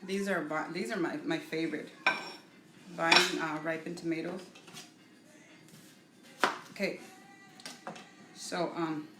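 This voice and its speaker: A middle-aged woman hosting a casual live cooking demo from her home kitchen, chatty and halting, stopping to greet viewers by name. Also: low-pitched, steady tone, heavy background noise. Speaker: cooking show host. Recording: echoey room with faint music.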